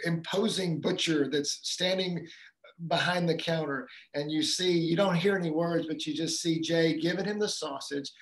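Casting note: man, fairly high voice, halting storyteller with lots of ums, recorded in an echoey room. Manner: storytelling, retells a film scene with acted quotes; halting, many fillers and restarts. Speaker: guest speaker on fathering. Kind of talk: casual talk on a live community call.

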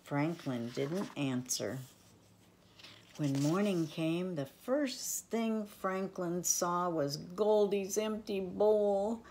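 An older woman reading a children's storybook aloud, gentle and affectionate. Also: on the low side, very slow, a little hiss or hum.

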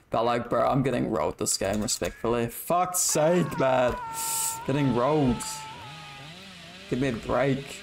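A man's voice: mid-range voice, normal speed, gravelly. A young man streaming a horror game, chatting loosely and swearing as he plays. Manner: loose, profane banter with chat and opponent. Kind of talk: casual gaming chat.

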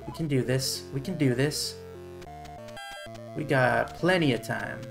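A man's voice: medium pitch, unhurried, creaky, over music. Man muttering over retro gameplay. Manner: mutters and curses to himself under stress; wry, self-mocking asides. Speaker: streamer playing retro games. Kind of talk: live gameplay commentary.

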